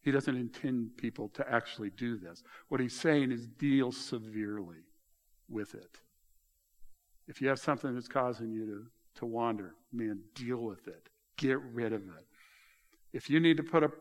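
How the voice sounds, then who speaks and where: A middle-aged male pastor preaching a sermon, telling stories in an animated way and raising his voice high when he retells dialogue. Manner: animated storytelling, voice rising high in retold dialogue.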